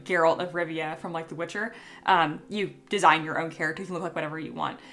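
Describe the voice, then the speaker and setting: A young woman hosting a casual sculpting livestream, chatty and answering viewers, her voice a little rough as she recovers from being ill. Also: medium pitch, fairly bright tone. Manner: chatty, reads chat aloud and answers. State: voice still recovering from illness.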